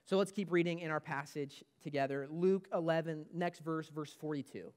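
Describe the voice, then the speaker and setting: A man's voice: on the high side, steady tone, moderate pace, darkish tone. A man preaching a sermon as pastor of a church, emphatic and repeating his key points.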